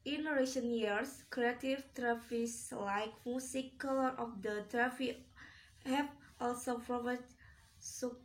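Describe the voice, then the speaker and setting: A woman's voice: on the high side, fairly even intonation, slow pace, low-quality recording. A woman public health student reads a class presentation aloud, with occasional restarts.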